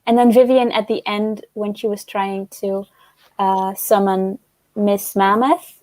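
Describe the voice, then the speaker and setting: A woman hosts a relaxed book club over a video call. She chats, giggles and trails off with fillers as she shares favorite scenes. Her voice sits in the middle range and sounds dry and close. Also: mid-range voice, a little slow, dry recording. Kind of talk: casual online book discussion.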